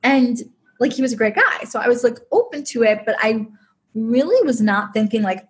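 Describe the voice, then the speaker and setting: A woman's voice: mid-range voice, normal speed. A woman, a podcast guest, telling a personal story in a chatty, emotional way, with lots of "like". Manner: chatty, heavy use of "like", emotional.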